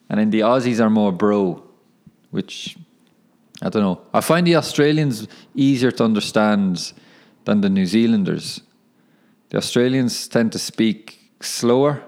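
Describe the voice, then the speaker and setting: Young guy on his own podcast, lowish voice, rambles, keeps correcting himself, laughs at himself. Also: a little slow, pauses often, a little mellow. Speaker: podcast host and professional footballer. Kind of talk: casual solo podcast monologue.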